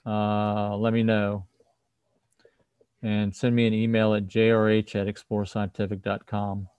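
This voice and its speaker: A man's voice: fairly low pitch, little pitch movement, unhurried, darkish tone, clear, resonant tone, dry recording, lo-fi sound. A man hosting a casual livestream tech talk over a video call, explaining things and often restarting his sentences. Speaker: host, firmware developer.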